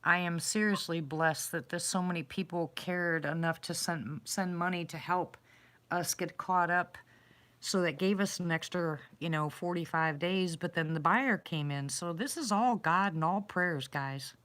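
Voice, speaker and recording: A chatty woman hosting a relaxed talk show, her voice sitting a little low. She tells stories freely and laughs easily, speaking gratefully and with plain faith. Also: a little slow. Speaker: host. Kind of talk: casual chat.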